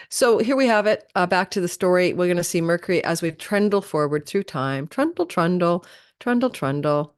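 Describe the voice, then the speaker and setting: A woman hosting a live astrology forecast, talking quickly and chattily and correcting herself as she goes. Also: fairly low pitch, clear, resonant tone, no echo, clean studio sound. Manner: fast, chatty, self-correcting, talks quickly like an auctioneer. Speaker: astrology channel host.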